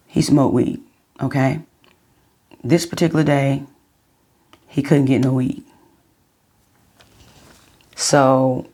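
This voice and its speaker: A middle-aged woman vlogging, telling her viewers a personal story in a chatty, unhurried way. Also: extremely low pitch, darkish tone.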